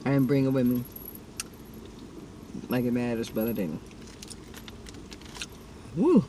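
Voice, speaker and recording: A woman's voice: very deep voice, takes it slowly, warm tone, slight background noise. A woman, chatting playfully with viewers about her meal on her eating show. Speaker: mukbang vlogger. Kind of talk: casual eating show chat.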